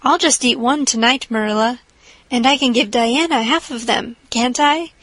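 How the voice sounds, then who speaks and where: A chattering young orphan girl with a dreamy, gushing way of talking, read by a woman. The voice sits a touch high and sounds close and dry. It is an audiobook character voice. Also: moderate pace, fairly bright tone, no echo, low-quality recording. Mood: eager.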